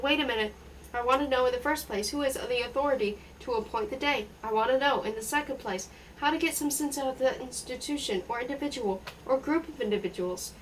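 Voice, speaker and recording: A woman reading a novel aloud in an unhurried way, now and then stumbling and restarting words. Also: high voice, fairly bright tone, far from the mic, slight background noise, low-quality recording. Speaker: audiobook reader.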